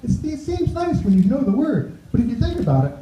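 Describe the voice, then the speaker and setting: High-voiced man doing stand-up. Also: wildly swooping pitch, quick pace, mellow. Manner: chatty, tossing asides to the crowd. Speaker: stand-up comedian. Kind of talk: stand-up set. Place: club stage. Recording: roomy, dull club recording.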